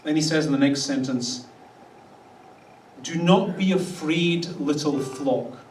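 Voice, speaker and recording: A man's voice: fairly high pitch, takes it slowly, darkish tone, a little hiss or hum. A man preaching a conversational sermon as a pastor, wry in tone and slipping into the voices of the people he quotes. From Canada. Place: church hall. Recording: echoey church hall, voice a bit distant.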